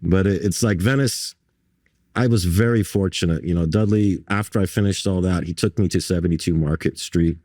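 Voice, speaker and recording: A man from New York and Barbados tells his stories in a very low voice. He jumps into other people's voices as he goes, stumbling and restarting along the way. The sound is dry and close, with no room around it. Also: moderate pace, mellow, no echo. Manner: frequent restarts and fillers. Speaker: guest artist. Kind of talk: conversational storytelling.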